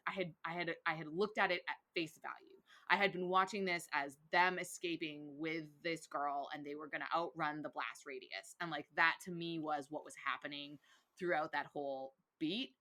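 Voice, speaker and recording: A young woman with a bright, clear voice co-hosts a casual podcast chat. She talks in an animated, rambling way, laughing often and filling her sentences with "like.". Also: low-pitched. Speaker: podcast co-host.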